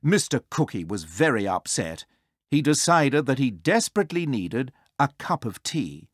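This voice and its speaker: A storybook narrator reading a children's tale aloud in an expressive, sing-song way. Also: mid-range voice, moderate pace, dry recording, studio quality.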